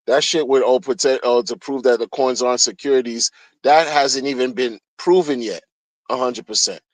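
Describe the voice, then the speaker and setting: A man's voice: mid-range voice, normal speed, no room sound, poor audio. A man streaming a heated solo rant, agitated and profane, often repeating himself.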